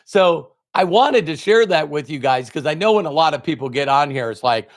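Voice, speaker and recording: A man's voice: fairly high pitch, expressive, moderate pace, few pauses. A man giving a motivational talk, telling a personal story with emphatic quoted dialogue. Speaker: motivational speaker.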